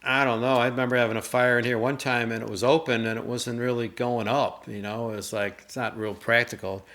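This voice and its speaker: A middle-aged man co-hosting a casual chat with his mother, telling rambling, animated stories and mimicking voices in them. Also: mid-range voice, brisk. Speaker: co-host.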